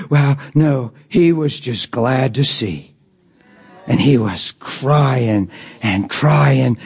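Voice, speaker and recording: A middle-aged man preaching a sermon through an animated story, acting out the voices of the people in it and laughing often. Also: medium pitch, slow pace, slightly rough.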